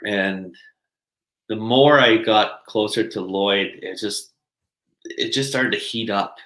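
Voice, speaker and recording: A man's voice: on the low side, takes it slowly, sharp tone. A man, a podcast guest telling stories casually, laughing often and using many fillers. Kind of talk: casual storytelling. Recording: roomy echo.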